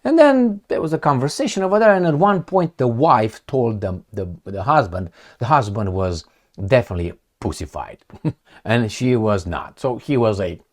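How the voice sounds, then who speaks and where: Sarcastic man, lively swooping pitch. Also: normal speed. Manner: sarcastic, blunt, profane; talks straight to the viewer. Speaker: political commentator. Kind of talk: opinionated commentary monologue.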